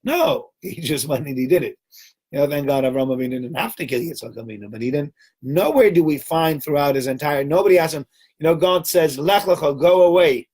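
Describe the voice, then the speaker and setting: Guy giving a casual torah talk, husky voice, a bit high, acts out all the characters. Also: a little fast. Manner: animated storyteller, acts out dialogue. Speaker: teacher. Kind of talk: informal Torah talk to a group.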